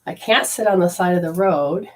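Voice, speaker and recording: A woman, a spiritual teacher, telling a personal story in a lively way, acting out her own lines and swinging from loud outbursts to soft murmurs. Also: on the low side, normal speed. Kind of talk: storytelling talk.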